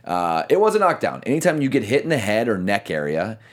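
Low-voiced man recapping a boxing fight. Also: a little fast. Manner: animated, talks through scorecards with restarts. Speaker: boxing show co-host. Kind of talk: casual fight recap chat.

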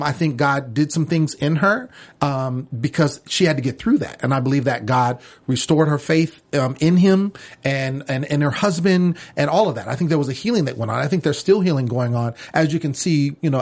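A man co-hosting a casual talk show about a reality series, animated and acting out quotes as he talks. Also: on the high side, moderate pace. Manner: animated, acts out quotes with a raised voice. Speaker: podcast co-host.

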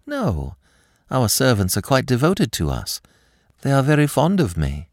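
A man's voice: mid-range voice, huge pitch swings, unhurried, darkish tone, no echo, clean studio sound, pitched above the performer's own voice. Man doing a frightened young French lady. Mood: fearful. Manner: anxious, breathless pleading. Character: frightened young French woman, about twenty.

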